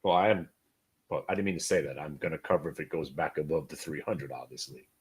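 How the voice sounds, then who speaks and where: A middle-aged American man hosting a live stock trading room, talking casually and with swings between loud and quiet. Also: extremely low pitch, fairly even intonation, fast, slightly rough.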